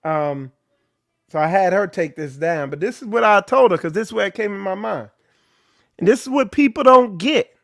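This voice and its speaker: A man's voice: high voice, lively intonation, moderate pace, gravelly, dry recording, studio quality. A man leading an informal ministry talk, preaching bluntly and with animation. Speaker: ministry leader. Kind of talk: informal sermon.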